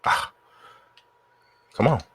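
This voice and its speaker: A man's voice: very slow, bright, forceful tone, dry recording. A man streaming gameplay, muttering and trash-talking his players as he plays. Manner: trash-talks the game, mutters to himself. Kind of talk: live gameplay commentary.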